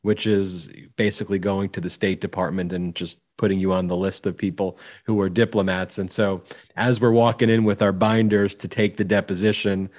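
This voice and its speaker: Man, lowish voice, podcast co-host, hesitant storyteller. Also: level tone, normal speed, hardly any pauses, darkish tone. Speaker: podcast co-host, civil rights lawyer. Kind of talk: casual legal commentary.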